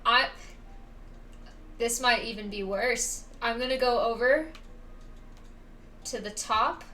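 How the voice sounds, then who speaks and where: A woman's voice: fairly high pitch, slow pace, pushed and bright, distant mic, a little hiss or hum. A woman live-streaming a game, talking dramatically to her viewers, pleading and wailing over her luck. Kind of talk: casual live-stream chatter while gaming.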